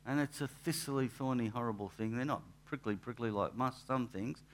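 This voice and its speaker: A man, a pastor giving a relaxed, anecdotal sermon in church, with asides and restarts. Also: medium pitch, moderate pace, slight background noise. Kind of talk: conversational sermon.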